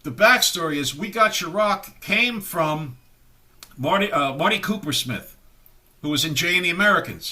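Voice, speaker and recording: A man in his sixties with a bright, forceful, slightly high voice rambles through old band stories. He acts out the people he quotes, jumping into their voices mid-story. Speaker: guest musician. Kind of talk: anecdotal storytelling interview.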